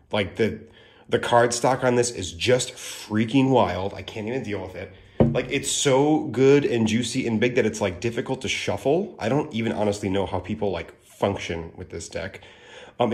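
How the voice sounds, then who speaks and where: A man giving a casual, gushing video review of a card deck, chatty and full of filler words. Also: on the low side.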